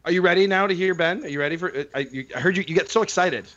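Upbeat podcast co-host, dull sound. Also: male voice, high voice, racing, fairly bright tone. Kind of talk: casual podcast chat.

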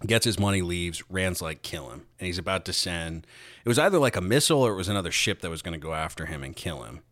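Deep-voiced, profane podcast man. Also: lively intonation, quick pace, fairly bright tone, no echo, clean studio sound. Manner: profane, rambling recap with quoted impressions. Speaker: podcast host. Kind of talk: casual chat.

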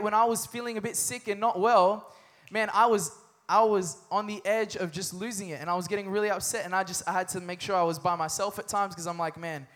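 A young adult male pastor with a high, slightly bright voice preaches a sermon full of energy and humor. He often calls out for responses from the congregation.

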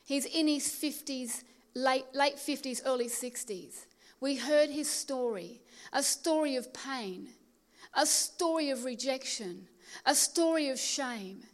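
Woman, high voice, sermon, storytelling, emphatic slow phrases. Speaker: pastor.

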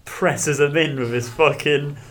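A man in casual chat, joking and teasing, bursting into loud laughter. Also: a little high, fairly even intonation, unhurried.

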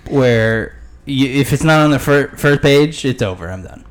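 A man's voice: medium pitch, expressive, moderate pace. A man co-hosting a gaming podcast, chatting casually and reading news articles aloud. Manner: chatty, laughs easily, reads articles aloud. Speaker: podcast co-host.

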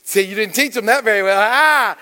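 A man's voice: high voice, fairly quick, pushed and bright, long reverb tail. A man preaching to a congregation as a guest speaker, playful and engaging, questioning the crowd and drawing responses. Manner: playful, calls on the congregation, Southern "y'all". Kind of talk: lively interactive sermon. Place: church.

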